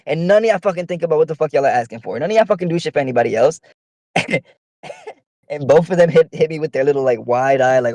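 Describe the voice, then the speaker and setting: A man's voice: on the high side, fast, a little mellow, no room sound, poor audio. A man telling a long, profane story on a casual podcast, with heated delivery. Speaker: podcast co-host.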